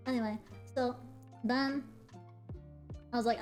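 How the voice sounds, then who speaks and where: A young adult woman streamer, chatting casually and telling a story in an animated way, swearing freely and laughing between lines. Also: on the high side, measured pace, soft background music.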